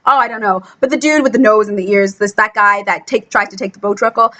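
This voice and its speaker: A woman chatting casually in a film review vlog, gushing and excitable, full of "like" fillers, acting out quotes with sudden squeals. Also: fast talker, low-quality recording. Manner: acts out quotes with sudden high squeals and whispers. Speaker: book blogger reviewing a film. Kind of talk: casual chat.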